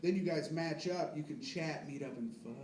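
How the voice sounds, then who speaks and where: A twenty-something man does crude stand-up at a comedy club, mocking himself and wandering into rambling asides with the audience. He speaks at normal speed in a slightly high voice. It's captured from a distance in a reverberant room with a noisy crowd.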